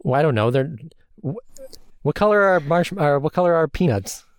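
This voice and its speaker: A young woman from California with an unusually deep, low voice, delivering her opinions in a dry, matter-of-fact way. She is recorded close on a dry mic with no room around her. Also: expressive, normal speed, dry recording. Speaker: podcast co-host. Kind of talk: casual chat.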